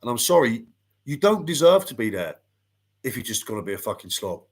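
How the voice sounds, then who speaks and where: A man's voice: medium pitch, sing-song, a little fast, breathy edge. A middle-aged man, a boxing pundit ranting bluntly and swearing freely in casual panel chat.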